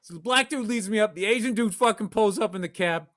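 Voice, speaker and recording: He talks fast in a voice that sits high and sounds a bit bright. The middle-aged podcast host, from Massachusetts, rambles through a crude, self-deprecating story as he chats.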